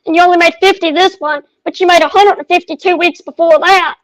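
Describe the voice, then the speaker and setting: Woman guest, very high voice, agreeable, dry close sound. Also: steady tone, quick pace, dry recording, rough recording. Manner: agreeable, chimes in with short affirmations. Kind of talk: casual podcast chat.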